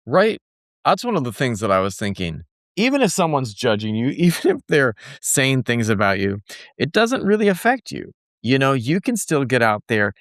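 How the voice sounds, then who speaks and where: A man's voice: mid-range voice, big pitch swings, normal speed, a bit bright, no echo, studio quality. A man hosting a podcast interview, laid-back and laughing often as he retells everyday moments. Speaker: podcast host. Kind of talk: conversational interview.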